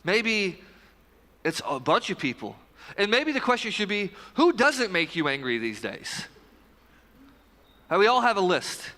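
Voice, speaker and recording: A man in his thirties preaching a casual, joking sermon at a live church service, talking straight to the congregation with quick asides. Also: high-pitched, very animated, sharp tone, big-room sound. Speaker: pastor.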